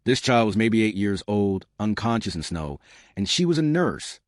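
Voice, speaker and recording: A man reads a dramatic story as narrator, in a scripted and expressive delivery. His voice is low and moves a lot in pitch. The sound is dry and close to the mic. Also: moderate pace, no room sound.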